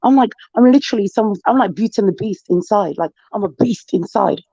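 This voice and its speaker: A woman's voice: medium pitch, fairly quick, vocal fry, warm tone, husky, no echo, highs cut off. A woman from the United Kingdom with a Jamaican patois accent, a guest on a stream who chats in a blunt, bawdy, teasing way. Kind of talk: casual chat.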